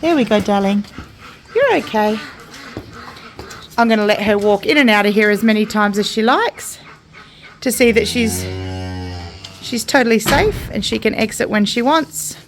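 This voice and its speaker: A woman's voice: on the high side, normal speed, over music. An Australian woman filming a casual farm vlog in an outdoor milking shed, explaining her work to viewers and cooing soothing praise to a cow. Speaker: homesteader vlogger.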